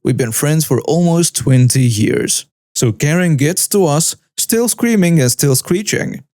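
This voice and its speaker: A man with a fairly high voice narrates a first-person story. His delivery is flat and even, like a script being read aloud. The recording is close and dry, with no room sound. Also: unhurried, hardly any pauses, no room sound.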